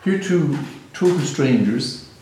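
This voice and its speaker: Irish male speaker, Gaelic native, gentle storyteller, reflective talk to a live audience, distant mic, faint hiss. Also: fairly high pitch, lively intonation, slow pace. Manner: musing, storytelling, gently humorous. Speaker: speaker on spiritual teaching. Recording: very echoey hall, mic far off.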